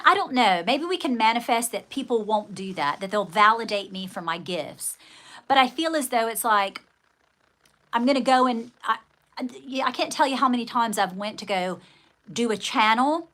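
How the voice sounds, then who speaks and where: A woman hosting a casual livestream, chatting with viewers in a rambling, animated way and acting out dramatic quoted outbursts. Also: on the high side. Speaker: livestream host.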